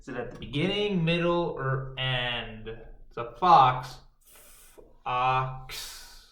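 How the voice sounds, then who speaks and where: A male kindergarten teacher giving a remote phonics lesson, sounding out letters and words in a slow, sing-song voice to young children. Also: mid-range voice, sharp tone. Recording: roomy, distant home video.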